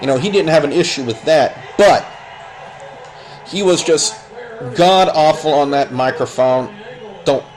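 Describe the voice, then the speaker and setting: A man's voice: a little high, a little slow, long pauses, darkish tone, poor audio. A man giving a blunt, opinionated spoken review of a wrestling show, rambling and restarting his sentences.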